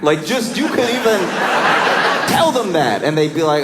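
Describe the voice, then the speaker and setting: A male comedian telling a stand-up bit with lively storytelling, laughing through his lines and jumping into quick voiced asides. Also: fairly high pitch, very noisy.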